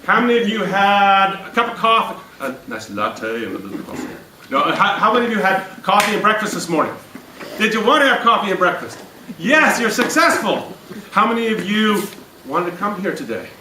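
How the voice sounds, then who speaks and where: Man, motivational speaker, lively and jokey, fairly high voice, echoey room recorded from afar, background noise. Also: brisk, distant mic. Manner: energetic, jokey, addresses the crowd with questions. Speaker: speaker at a business event. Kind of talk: motivational talk to a live audience. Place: event room before an audience.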